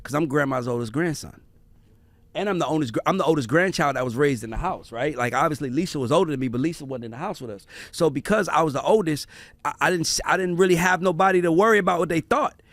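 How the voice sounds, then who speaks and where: A man hosting a casual family conversation, telling stories in an animated, profane way. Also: a little high, fast, no room sound. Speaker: podcast host.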